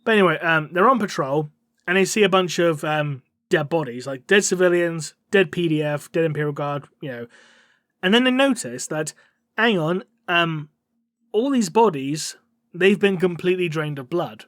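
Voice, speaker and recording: A man with a fairly high voice tells a story in loose, rambling podcast chat. He swears freely and acts out the characters' lines. The sound is dry and close. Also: animated, normal speed, fairly bright tone, dry recording. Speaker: podcast co-host. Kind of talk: casual story recap.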